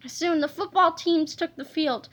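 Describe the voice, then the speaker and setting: A woman reading a children's storybook aloud in a lively, playful way, adding sound effects. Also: very high-pitched, a little slow. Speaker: reader of a children's book.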